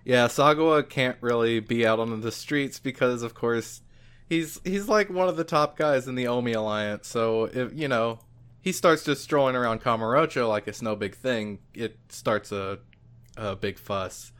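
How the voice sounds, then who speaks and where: A man's voice: medium pitch, normal speed, smooth. Laid-back male podcast co-host. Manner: relaxed, loose, filler-heavy. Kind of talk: casual podcast chat.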